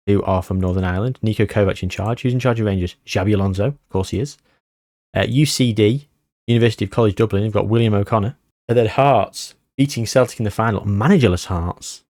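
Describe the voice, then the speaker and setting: A man's voice: on the low side, a little mellow, no room sound, studio quality. Joking man narrating a game. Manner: jokey, self-deprecating, rambling with puns. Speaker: gaming YouTuber. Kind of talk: casual game commentary.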